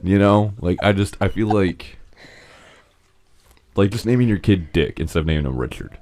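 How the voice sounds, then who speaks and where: A man's voice: deep voice, expressive, moderate pace, a little mellow. A young man co-hosting a podcast, joking and rambling in casual chat with lots of restarts. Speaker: podcast co-host.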